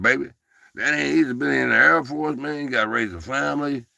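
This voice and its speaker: A man's voice: lowish voice, gravelly, pushed and bright, dry recording, clean studio sound. A man hosting a casual livestream, rambling in a folksy way and calling listeners "baby" and "man". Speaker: livestream host.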